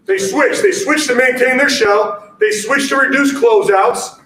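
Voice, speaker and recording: A man giving an energetic basketball coaching talk at a conference, punchy and repetitive, checking in with "all right?" all the time. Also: extremely high pitch, a little slow. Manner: energetic, punchy, repeats catchphrases, keeps asking "all right?". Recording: echoey room audio from a distance.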